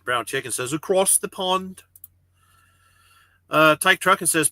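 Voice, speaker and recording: A man's voice: medium pitch, unhurried, sharp tone, no room sound. A man who drives a truck hosts a casual livestream from his parked cab, reading viewer comments aloud, rambling, joking and swearing freely. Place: parked truck cab with refrigerated trailer running.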